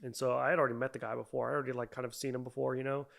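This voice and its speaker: A young man speaking as a podcast guest, telling his own story in a steady, level tone. His voice has a gravelly, fry-edged grain, and he talks in a halting way, with restarts and filler words throughout. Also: mid-range voice. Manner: halting, repeats himself, many fillers. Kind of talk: personal storytelling.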